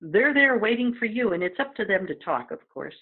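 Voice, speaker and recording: A woman's voice: medium pitch, sing-song, brisk, husky. A woman guest speaking as a psychic medium in a casual chat, talking freely with many fillers and acting out the voices she quotes. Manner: chatty, acts out quoted voices, frequent fillers. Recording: tinny phone-like line.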